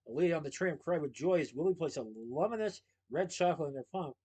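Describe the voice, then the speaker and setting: A man with a somewhat high voice reads a children's novel aloud. He keeps a steady, lively storytelling pace. His delivery sounds like a bedtime chapter reading. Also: fast talker, few pauses, husky, poor audio.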